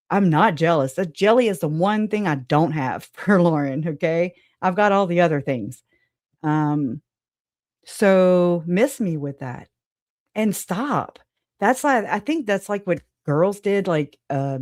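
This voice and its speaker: A woman's voice: on the low side, a little mellow, no echo, clean studio sound. A woman hosting a true crime reaction show, talking bluntly and emotionally, swearing and restarting her sentences. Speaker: true crime commentary host. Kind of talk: heated reaction commentary.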